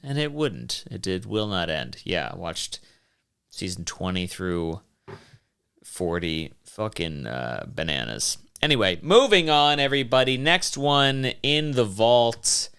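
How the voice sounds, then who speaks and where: A man with a low, smooth, resonant voice hosts his own podcast. He talks in a loose, rambling monologue, jokes as he goes, and swears freely. He swings between lively bursts and drawn-out asides. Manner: animated, joking, swears freely. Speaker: podcast host.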